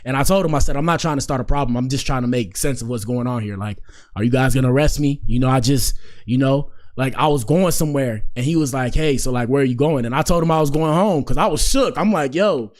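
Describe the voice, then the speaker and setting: A soft-spoken man in his twenties, a podcast host telling a story in a slangy, rambling way and repeating phrases for effect. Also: medium pitch, quick pace. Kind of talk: casual storytelling.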